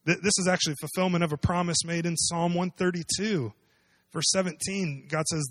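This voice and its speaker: A man's voice: sits high, fairly even intonation, fairly quick, fairly bright tone. A man preaching a sermon, explaining a scripture passage in a conversational way and asking his listeners questions. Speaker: pastor.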